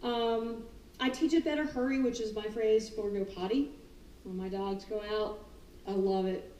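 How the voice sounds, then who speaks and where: A woman who trains dogs, talking casually and animatedly, often acting out the dogs' thoughts and her own excited calls. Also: medium pitch, moderate pace. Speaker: dog trainer. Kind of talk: casual talk on dog training. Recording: roomy, distant mic, faint ambience.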